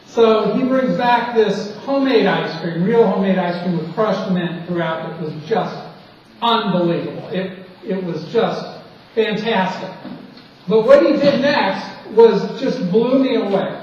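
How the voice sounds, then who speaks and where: Recorded from afar by a room mic in a big lecture hall, a St. Louis man who teaches college marketing rambles through a conversational anecdote and restarts words now and then. His high, somewhat mellow voice moves at a measured pace, and the lo-fi sound carries a little hiss or hum.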